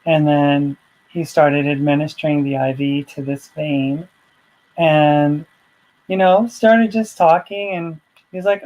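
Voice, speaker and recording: A woman's voice: low voice, fairly even intonation, slow, dark tone, highs cut off. A woman vlogger telling a personal story in a casual, rambling way, full of asides.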